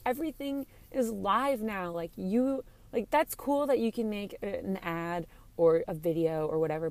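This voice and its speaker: A woman's voice: mid-range voice, a little mellow. A young woman hosting a candid solo podcast, recorded in a car, talking in a gushing, chatty way full of "like". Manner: gushing, chatty, lots of "like" and "freaking". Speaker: podcast host and streamer.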